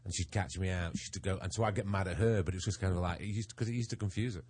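A man's voice: sits low, rapid-fire, husky. A man co-hosting a podcast, joking around in casual banter. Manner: joking, animated. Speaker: podcast co-host.

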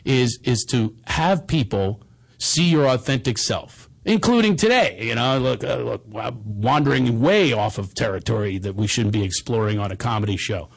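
A man's voice: medium pitch, lively intonation, normal speed, creaky, husky. A middle-aged man hosting a comedy show, telling rambling, self-deprecating personal stories in a bombastic, casual way. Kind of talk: casual chat and personal storytelling.

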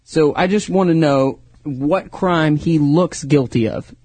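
Co-host: husky man, a bit high, lively pitch, jokey. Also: takes it slowly, no room sound. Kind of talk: casual chat.

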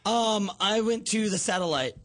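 High, easygoing man chatting. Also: moderate pace, fairly bright tone. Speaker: show contributor. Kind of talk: casual chat.

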